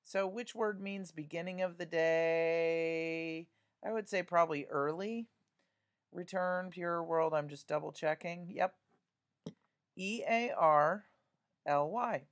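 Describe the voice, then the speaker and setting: A woman's voice: lowish voice, steady tone, unhurried. A woman teaching a spelling lesson, patiently spelling words out letter by letter and talking through each answer aloud.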